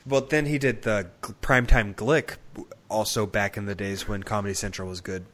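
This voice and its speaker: A man's voice: fairly low pitch, steady tone, normal speed, a bit bright. A man co-hosting a podcast, chatting casually and musing about old comedy movies. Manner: conversational, musing about film history. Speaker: podcast co-host. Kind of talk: casual chat.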